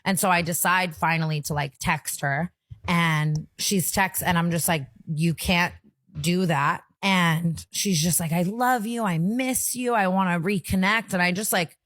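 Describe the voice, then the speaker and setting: A woman's voice: sits low, fairly bright tone, no room sound. Tearful young woman, close to crying. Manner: tearful, filler-heavy storytelling. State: close to tears. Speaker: podcast host. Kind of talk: emotional casual chat.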